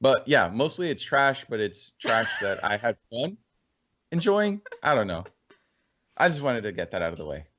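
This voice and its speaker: A man in a casual podcast chat, animated and rambling as he thinks aloud. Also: mid-range voice, moderate pace. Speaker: podcast co-host.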